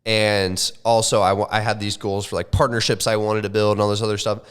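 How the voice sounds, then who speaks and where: A young man on a podcast, telling a casual, animated story full of swearing and slang. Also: on the low side, fairly quick, clear, resonant tone. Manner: animated, swears often, says like and bro. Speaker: podcast co-host.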